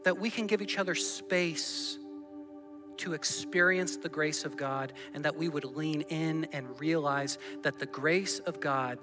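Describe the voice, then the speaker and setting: A man's voice: fairly high pitch, unhurried, big-room sound, music in the background. A man preaching a sermon to his congregation, earnest and full of questions put to the room. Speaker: pastor. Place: church hall.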